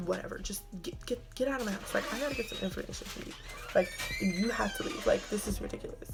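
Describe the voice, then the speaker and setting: A woman voicing an exasperated mother who scolds her teenage daughter in a hushed voice. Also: mid-range voice, animated, quick pace, vocal fry, over loud music. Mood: angry.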